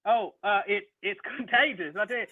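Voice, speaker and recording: A man putting on a rambling, deadpan football coach with a folksy drawl and a strikingly high voice. He boasts and wanders off topic in improvised podcast comedy. The sound is dry and tinny, like a video call. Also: normal speed, no echo. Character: folksy blowhard male football coach, middle-aged.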